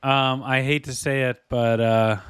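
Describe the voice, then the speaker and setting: A man's voice: mid-range voice, fairly even intonation, unhurried, a bit bright, clean tone, no echo, clean studio sound. A man co-hosting a hockey podcast, chatting casually and reading the show's plugs with a joking manner. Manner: joking, reads listener plugs conversationally. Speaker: podcast co-host.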